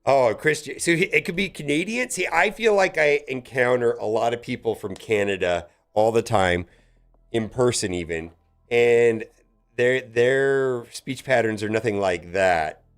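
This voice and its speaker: A man streaming a mobile game, chatting casually with viewers in a rambling, stammering way that bursts into loud exclamations. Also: mid-range voice, measured pace.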